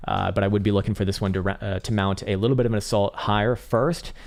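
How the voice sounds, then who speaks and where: A man's voice: on the low side, fairly even intonation, fast, creaky, darkish tone. A man hosting a casual crypto chart livestream, rambling and profane with lots of fillers, his voice strained and tired. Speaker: crypto trading livestream host.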